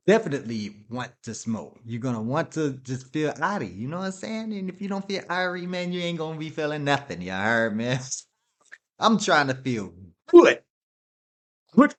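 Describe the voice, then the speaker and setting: A man hosting a podcast, ranting casually, swearing freely and laughing often. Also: medium pitch. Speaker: podcast host. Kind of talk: casual profane rant.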